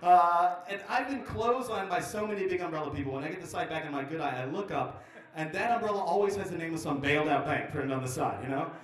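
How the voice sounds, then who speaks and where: A man in his forties doing live stand-up, teasing the audience and riffing with wry, sudden loud outbursts. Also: on the high side, fast, far from the mic. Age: 40s. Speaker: stand-up comedian. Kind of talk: live stand-up with crowd work. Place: lodge performance room. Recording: echoey room recorded from afar.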